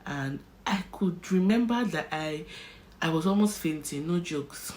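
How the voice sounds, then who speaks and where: A woman's voice: low-pitched, a little slow, a little hiss or hum, low-quality recording. A young Nigerian woman vlogger vividly telling a personal story and acting out its scenes. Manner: animated, vivid storyteller who acts out scenes. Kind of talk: emotional story-time narration.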